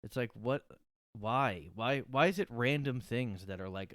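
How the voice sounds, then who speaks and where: A man's voice: medium pitch, a little slow, a bit bright, no echo, studio quality. A man hosting a solo podcast from his room, rambling and sarcastic with lots of fillers. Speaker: podcast host. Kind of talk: casual solo monologue.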